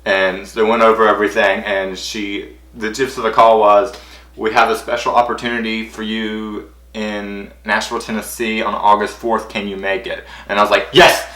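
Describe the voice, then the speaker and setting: A young man with a bright, forceful voice pitched a little low tells a story for his vlog. He rambles with excitement and keeps stacking "and I was like". The room around him rings with echo. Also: moderate pace. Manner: breathless, rambling, acts out quotes in high squeals. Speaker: vlogger.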